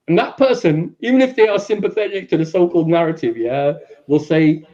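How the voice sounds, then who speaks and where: A man with a London accent explaining at length on a podcast, acting out quoted people in raised, animated voices. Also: on the high side, fast, muffled recording. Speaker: guest speaker. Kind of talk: podcast discussion, lecturing.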